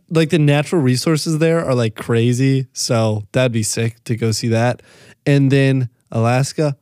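A man's voice: medium pitch, darkish tone, smooth, no echo, studio quality. A young man co-hosting a podcast, casual and joking, teasing the others. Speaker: podcast co-host. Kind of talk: casual chat.

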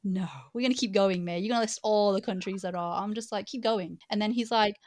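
A woman's voice: medium pitch, fairly quick, a little mellow. A young woman from Manchester with a Mancunian accent, co-hosting a podcast and telling stories in a frank, casual way with a bit of swearing. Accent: Mancunian English. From Manchester, England. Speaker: podcast co-host. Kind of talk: casual conversation.

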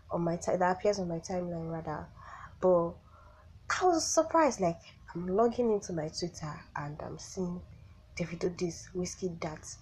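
A woman's voice: on the low side, dark tone, a little hiss or hum, poor audio. A young woman who is sick, hosting her own podcast in a chatty, rambling way with exasperated asides. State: sick, voice affected. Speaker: podcast host. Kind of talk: casual solo podcast chat.

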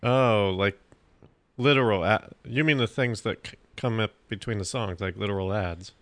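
A man's voice: lowish voice, moderate pace, a bit bright, no echo. A man co-hosting a podcast in casual chat, questioning and pushing back on his partner's claims. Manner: skeptical, questioning, pushes back. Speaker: podcast co-host.

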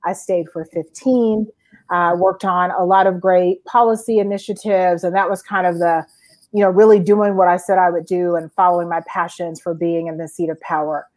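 A woman in her forties from Georgia, recounting her career as an interview guest in a lively storytelling way with frequent fillers. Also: lowish voice, moderate pace. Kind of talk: conversational storytelling.

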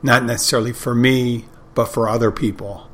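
A man's voice: medium pitch, fairly even intonation, a little fast, slight background noise. A middle-aged man hosting a podcast, telling wry, rambling anecdotes in a casual monologue. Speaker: podcast host.

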